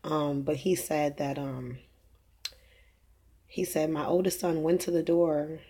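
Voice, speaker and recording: Taking it slowly, a young female religious vlogger with a low, mellow, husky voice and fairly even intonation gives an informal preaching monologue. She meanders through faith and her kids' dreams, using many fillers and restarts and laughing at her own jokes.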